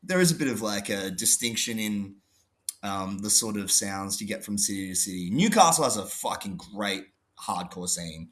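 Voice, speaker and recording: A man from Sydney with an Australian accent, a band guest in a podcast interview, thinking out loud with hesitations and casual swearing. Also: on the low side, animated, normal speed. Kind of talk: casual chat.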